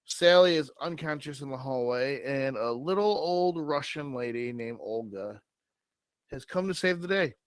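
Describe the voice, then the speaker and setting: A man co-hosting a comedy show, improvising a story with slow, drawn-out delivery and dramatic pauses. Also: mid-range voice, expressive, clear, resonant tone, dry recording. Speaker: co-host.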